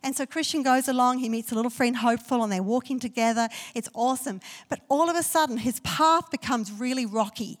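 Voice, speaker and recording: Woman, pastor, sermon, storytelling, declaring, fairly high voice, long hall echo. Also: fairly quick, few pauses. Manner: story-driven preaching that swells into loud declarations.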